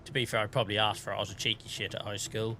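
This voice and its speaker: Bright-voiced man chatting while gaming. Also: lowish voice, little pitch movement, very fast, slight background noise. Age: 30s. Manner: chatty, swears and laughs a lot while storytelling. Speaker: streamer. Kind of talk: casual gameplay chat.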